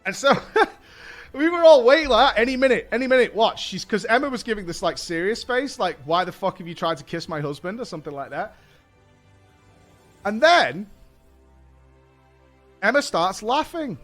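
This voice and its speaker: Animated man telling a story. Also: sits high, normal speed, long pauses. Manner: animated, swears a lot, acts out quotes. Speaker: streamer. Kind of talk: casual storytelling to stream chat. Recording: faint music behind.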